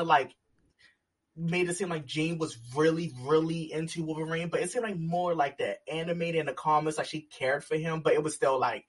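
A man chatting with friends in a relaxed, rambling way. His voice is a little high and husky. He sits away from the mic. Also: recorded from a distance. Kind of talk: casual chat.

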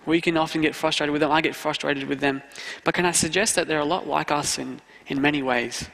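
A man preaching an earnest sermon, driving his points home by saying them twice. His voice sits a bit high and carries a gravelly fry at the bottom of his phrases. A long hall reverb trails after each line. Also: steady tone, fairly quick, fairly bright tone. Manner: earnest, repeats key phrases for emphasis. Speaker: student pastor.

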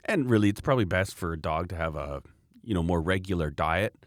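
Low-voiced man, rambling wry chat. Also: animated, a little fast, no room sound, studio quality. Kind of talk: casual chat.

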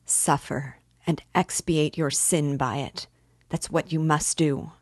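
A woman's voice: low-pitched, steady tone, slow pace, no room sound, clean studio sound. A woman reading aloud, voicing a young devout woman who pleads in anguish. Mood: anguished pleading. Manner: pleading, emotional outbursts.

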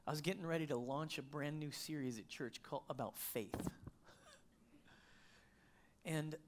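A man's voice: a little high, measured pace, slight background noise. A middle-aged male pastor preaching a sermon, telling a personal story in a conversational way with frequent restarts.

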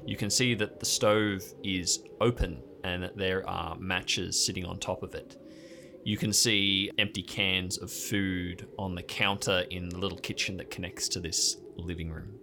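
A man running a tabletop game as game master, slowly describing each scene in detail. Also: low-pitched, steady tone, noisy background. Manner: slow, descriptive scene-setting.

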